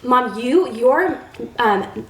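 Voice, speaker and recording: A woman's voice: on the high side, expressive, drawn-out words. A young adult woman co-hosting a podcast, effusive and affectionate, with many fillers. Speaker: podcast co-host. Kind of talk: casual podcast chat. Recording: echoey room with clear background noise.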